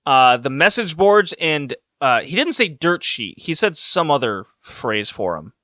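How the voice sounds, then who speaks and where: A man co-hosting a podcast, telling a story in a casual, animated way and laughing along. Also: on the high side, unhurried, dry recording, clean studio sound. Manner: animated storytelling, laughing, voices rising when excited. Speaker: podcast co-host.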